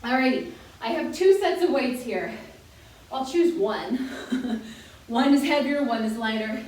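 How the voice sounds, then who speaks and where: A woman's voice: high voice, animated, unhurried, darkish tone. A young woman leading a senior workout class as a fitness instructor, chatty, joking and encouraging while she exercises along. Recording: very echoey room, voice from far off.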